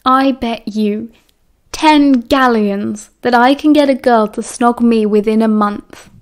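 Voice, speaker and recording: A sly, cheeky teenage wizard boy with a British accent, as a woman reading an audiobook puts him on. The voice sits a little high and stays playful and scheming. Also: slow. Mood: teasing.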